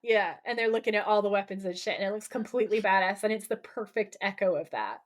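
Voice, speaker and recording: A woman's voice: mid-range voice, quick pace. A young adult woman co-hosting a podcast, effusively retelling TV scenes by quoting the dialogue. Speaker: podcast co-host. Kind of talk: casual recap chat.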